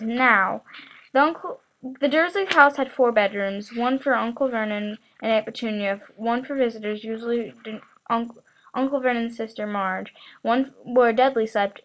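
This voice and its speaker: A woman reads a novel aloud in a halting, amateur manner. She often trips over words and starts them again. Her voice sits a little high. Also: poor audio. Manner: halting, frequent stumbles and restarts. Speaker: reader.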